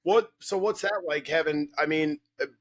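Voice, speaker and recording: A man in his early forties hosts a podcast in a loose, conversational way, cursing freely. His voice sits a little high for a man. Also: moderate pace, a little hiss or hum. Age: 40s. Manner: blunt, profane, conversational. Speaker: podcast host. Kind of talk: casual podcast interview.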